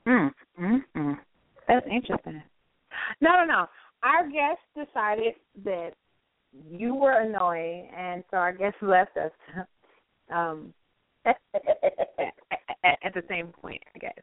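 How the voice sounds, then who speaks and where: A woman's voice: medium pitch, lively intonation, takes it slowly, pauses often, dry recording. A woman co-hosting a casual talk show, teasing and playful. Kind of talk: casual chat. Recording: tinny phone-line audio.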